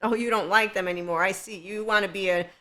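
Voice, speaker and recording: A woman hosts a casual spiritual podcast with a bright, forward voice at an ordinary pitch for her sex. She rambles from thought to thought, laughs often and drops sarcastic asides. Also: fairly even intonation, quick pace. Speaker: podcast host.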